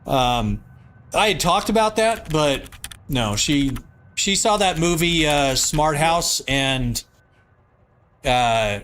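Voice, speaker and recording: A man's voice: a little high, lively intonation, takes it slowly, fairly bright tone, clean tone. A man with a nasal voice, live-streaming from his home basement, reading viewer comments aloud and answering in loose, rambling casual chat.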